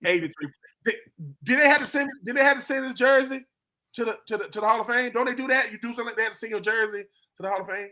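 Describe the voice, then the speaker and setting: A man, a former player, telling stories with animated emphasis on a live-streamed sports talk show. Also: very high voice, quick pace. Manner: animated storytelling, emphatic repetition. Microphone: live stream call.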